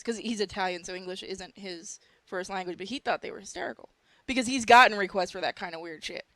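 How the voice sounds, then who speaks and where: Woman host, mid pitch, blunt crude banter, dry close recording. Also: fast, fairly bright tone, no echo. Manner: blunt, crude, laughing asides. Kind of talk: casual podcast chat.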